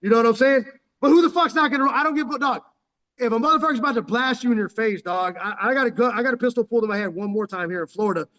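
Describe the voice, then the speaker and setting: A San Diego vlogger in his forties, wearing headphones, tells a story in slangy, profane speech packed with "dog." His voice is very high and a bit bright, and he races along. Long, echoing reverb fills the recording.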